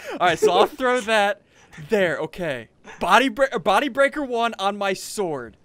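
A young man giving excited gameplay commentary, laughing often and repeating himself. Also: high-pitched, a little slow, no echo. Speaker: gaming YouTuber.

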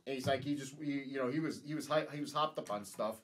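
A man's voice: medium pitch, fast, a bit bright. A man, a podcast guest telling a story casually and retelling the dialogue with many "he's like" and "I'm like" asides.

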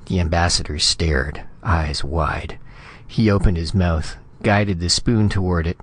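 A man narrating a science fiction story in a steady, measured reading. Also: low-pitched, breathy edge. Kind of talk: scripted audiobook narration.

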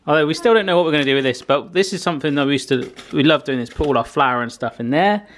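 A man's voice: fairly high pitch, fast talker. A man hosting a casual vlog, chatty and jokey. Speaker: vlog host.

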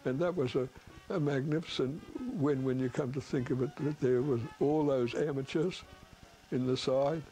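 An older man recounting a cricket match in a deliberate, halting way. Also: mid-range voice, steady tone, dark tone, soft background music, low-quality recording. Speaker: interviewee recalling a match. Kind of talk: documentary recollection.

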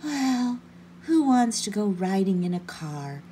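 A woman's voice: medium pitch, big pitch swings, slow pace, warm tone, slight background noise. A woman voicing an eager, polite little male puppy in a storybook reading. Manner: hopeful, polite, chatty.

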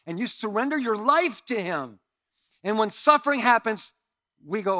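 A man's voice: high voice, lively intonation, moderate pace, sharp tone, dry recording. Guy pastor giving a sermon, punchy and chatty, dry close sound. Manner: emphatic, conversational, asks the congregation questions.

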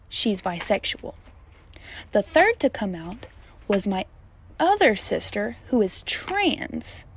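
A woman's voice: medium pitch, darkish tone, a little hiss or hum. A woman talking casually to camera, explaining things step by step. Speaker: TikTok creator.

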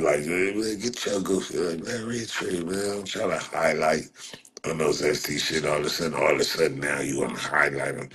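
A man's voice: a bass voice, a bit bright, slightly rough. A man hosting a livestream, reading his chat aloud and mocking the commenters in profane, slangy banter, often laughing. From Southern California. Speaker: livestream host reacting to chat.

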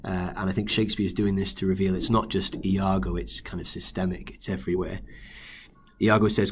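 A man's voice: low voice, flat delivery, brisk, slight background noise. A male literature teacher, explaining a play in a revision lesson, hesitant with many fillers and restarts. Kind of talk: recorded exam-revision lesson.

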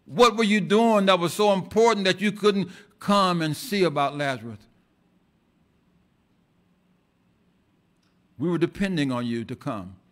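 A man's voice: sits high, fairly bright tone. A male preacher voicing a grieving woman who bursts out in raised, pleading reproach. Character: grieving woman, anguished and accusing.

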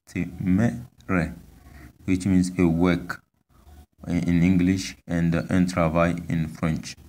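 A man with a very deep voice gives a language lesson, speaking slowly and flatly. He repeats each word with patience and pauses often to hesitate. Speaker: language teacher. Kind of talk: slow spoken language lesson.

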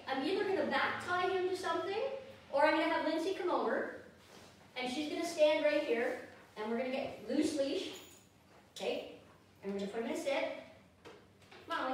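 Woman, dog trainer, high-pitched, brisk commands, distant mic, echoey room, faint noise. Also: a bit bright. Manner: brisk commands to dogs between explanations. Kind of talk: hands-on training demonstration. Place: indoors at home with dogs.

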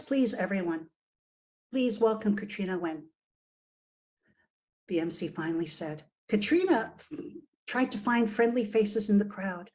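A woman author reading her own fiction aloud at a virtual event, with expressive, shifting emphasis. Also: medium pitch, rough recording.

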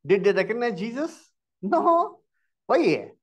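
A man's voice: very high voice, sing-song, slow, a bit bright, breathy edge. A man with an Indian English accent teaching a Bible lesson, firing questions and prompting answers with "huh?".

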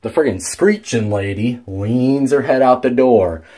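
A young adult man vlogs casually, telling a story in a warm, unhurried, medium-pitched voice. He rambles with many fillers and restarts and swears freely.

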